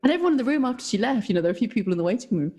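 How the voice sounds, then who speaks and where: A woman on a podcast, telling animated stories and laughing between lines. Her voice sits fairly high and has a husky, breathy edge. She talks in a relaxed, conversational way. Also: rapid-fire. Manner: animated storytelling, laughs often, acts out quoted voices. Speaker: podcast co-host. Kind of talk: casual chat.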